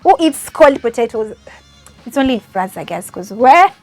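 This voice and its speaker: A woman's voice: a little high, very animated, normal speed, dry recording, soft background music. A young Kenyan woman with a Kenyan accent, casually telling embarrassing stories about herself, chatty and self-mocking, laughing often between many fillers. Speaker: au pair. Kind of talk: casual storytelling vlog.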